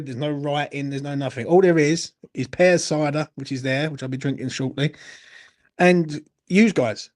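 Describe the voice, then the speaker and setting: A man's voice: fairly high pitch, darkish tone. A young man hosting a late-night football Q&A, blunt and sweary, a little tipsy as he answers chat comments. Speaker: football channel host.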